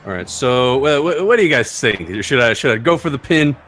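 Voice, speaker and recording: A man's voice: mid-range voice, expressive, a little fast, fairly bright tone, slight background noise. A man playing a tabletop game, chatting casually, swearing and checking the rules aloud. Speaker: player.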